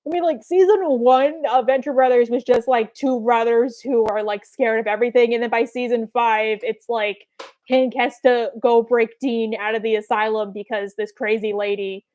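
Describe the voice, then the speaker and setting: A woman's voice: a little high, darkish tone. A young woman chatting casually with fans in a live Q&A, rambling with lots of fillers. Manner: rambling, filler-heavy, quick quoted asides. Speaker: streamer answering fan questions.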